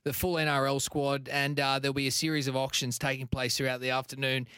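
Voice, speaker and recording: A man's voice: medium pitch, little pitch movement, fast talker, bright, forceful tone, smooth, no echo. Wisecracking Australian man on sports radio. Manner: dry, wisecracking. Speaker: radio co-host. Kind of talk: casual sports radio banter. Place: radio studio.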